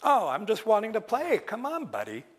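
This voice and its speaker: A man's voice: high-pitched, huge pitch swings, normal speed, big-room sound, pitched above the performer's own voice. A man doing a wheedling trickster raven. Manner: coaxing, overly friendly. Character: hungry sly male raven trickster, wheedling.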